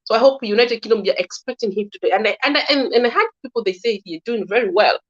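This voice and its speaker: A woman with a Kenyan accent giving casual political opinions in halting speech, with many restarts and repeated words. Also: on the high side. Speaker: guest commentator. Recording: slightly dull lo-fi recording.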